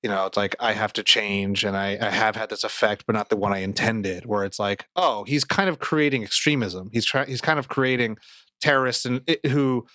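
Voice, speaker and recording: A man co-hosting a casual podcast, animated and swearing freely as he acts out quotes. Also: fairly low pitch, brisk, dry recording, clean studio sound. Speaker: podcast co-host.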